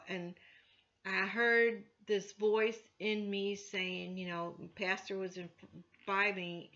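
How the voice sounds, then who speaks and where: A woman church elder giving an informal Bible teaching, chatty with many "you know" fillers, getting louder when she quotes scripture. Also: mid-range voice, dull audio.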